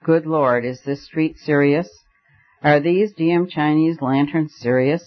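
A man's voice: fairly high pitch, steady tone, lightly acted. A man reading as a patient, wry debater. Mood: exasperated. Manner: patient, measured, dryly witty. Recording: slightly muffled lo-fi audio.

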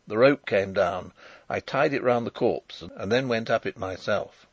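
Brief: male audiobook narrator, measured and expressive, close and dry. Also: on the low side, husky, dry recording. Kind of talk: scripted narration of a novel.

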